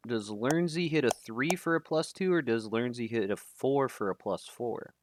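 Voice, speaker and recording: A man's voice: mid-range voice, moderate pace. Man casting a live game stream. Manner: casual, chatty, stumbles over names. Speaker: tournament caster. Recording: loud background noise.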